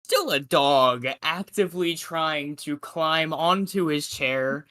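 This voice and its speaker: A man's voice: a little high, slow pace, bright, forceful tone. Guy running dnd, laid back, rambles on about rules and the dog. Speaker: game master. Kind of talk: casual tabletop game narration.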